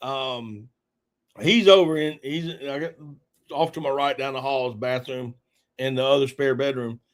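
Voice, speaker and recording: A man's voice: mid-range voice, normal speed. A middle-aged man hosting a live stream, telling a hunting story in a rambling, laughing way with lots of fillers. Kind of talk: casual storytelling chat.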